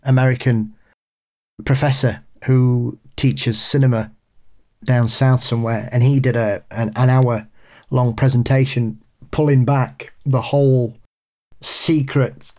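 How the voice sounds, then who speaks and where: Guy hosting a podcast, warm mellow voice, excited casual chat. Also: mid-range voice, takes it slowly. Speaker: podcast host.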